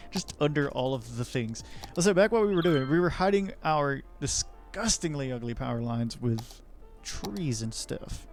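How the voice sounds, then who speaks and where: Male let's play host, middle pitch, rambling and jokey, faint music behind. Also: lively intonation, measured pace, hardly any pauses. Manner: rambling, jokey, self-deprecating. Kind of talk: casual gameplay commentary.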